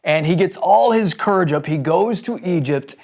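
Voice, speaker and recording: A fairly high-voiced man preaching a sermon. He retells scripture in a lively, casual storytelling manner, slipping into voices for the people in the story. His delivery stays conversational, like a pastor talking straight to his congregation. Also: moderate pace. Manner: animated storytelling with acted-out dialogue.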